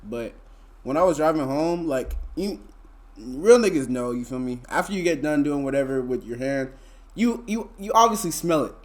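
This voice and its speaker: A man's voice: a little high, lively intonation, moderate pace. A young man, telling a story to his live chat in a laid-back, slangy, rambling way full of fillers. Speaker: streamer.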